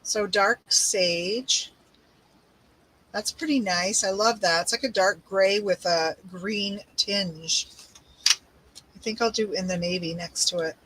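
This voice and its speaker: A woman's voice: medium pitch, takes it slowly, fairly bright tone, a little hiss or hum, rough recording. An older woman hosting a craft livestream, chatting casually and rambling as she unpacks supplies and greets viewers by name. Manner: talks while unpacking and showing craft supplies.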